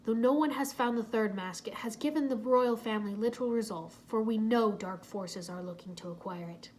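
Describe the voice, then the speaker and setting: A woman voicing a guarded middle-aged male palace guide who speaks in a measured, solemn way. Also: fairly high pitch, a little mellow, natural voice.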